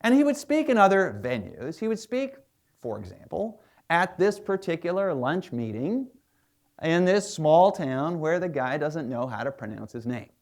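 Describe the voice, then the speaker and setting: A man's voice: on the high side, sing-song, normal speed. A man who is a historian and biographer, giving a public lecture as a chatty storyteller with plenty of asides.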